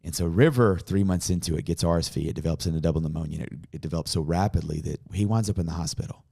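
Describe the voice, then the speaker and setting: Deep male voice, pastor, earnest storytelling, quiet in tender parts. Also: racing. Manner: earnest storytelling, softening to a hush in emotional moments. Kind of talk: personal story in podcast conversation.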